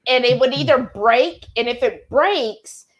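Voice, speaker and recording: A woman with a high voice hosts a relaxed live chat, reading viewer comments aloud. She tells stories in an unhurried, drawn-out way and giggles often. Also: dull audio. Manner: giggly, chatty storyteller. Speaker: host.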